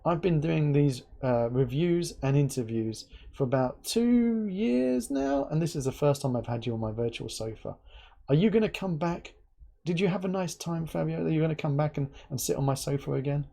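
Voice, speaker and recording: Animated joking Englishman hosting an interview. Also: on the high side, moderate pace, gravelly. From England. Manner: joking, animated storyteller, laughs often. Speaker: host. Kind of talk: casual live interview chat.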